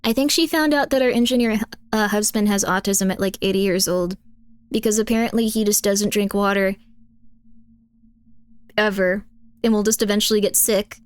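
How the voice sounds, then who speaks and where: A woman's voice: medium pitch, moderate pace, clear, resonant tone, no room sound. A woman streamer chatting casually with her audience, rambling through fillers and laughing often. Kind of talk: casual chat, reacting to chat and videos.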